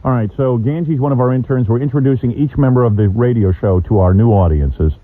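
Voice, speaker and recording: A man's voice: medium pitch, brisk, no echo. A man hosting a radio show, teasing and laughing at an intern's audition. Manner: mocking, laughing often. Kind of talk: joking radio banter. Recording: thin phone-like broadcast audio.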